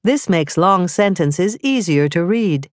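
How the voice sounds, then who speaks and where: A woman narrating a scripted grammar lesson, reading slowly and carefully with clearly spelled-out examples. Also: lowish voice, lively intonation, dry recording, studio quality. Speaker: teacher.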